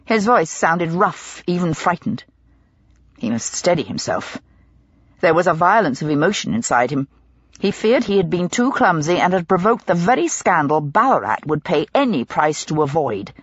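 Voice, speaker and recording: Husky woman narrating dramatically. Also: lowish voice, moderate pace, no echo, lo-fi sound. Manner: dramatic, expressive storytelling. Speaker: audiobook narrator. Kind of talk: scripted narration.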